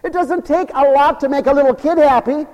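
High-pitched preacher guy, folksy and emphatic, asks for amens, big echoey hall. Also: brisk, a little mellow, dull audio. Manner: folksy, tells stories. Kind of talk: sermon. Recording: long hall reverb.

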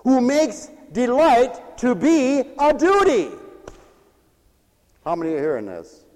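High, animated preacher in an echoey church. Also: male voice, slow pace. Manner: animated, playful, repetitive preaching with call-and-response. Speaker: pastor. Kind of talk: sermon.

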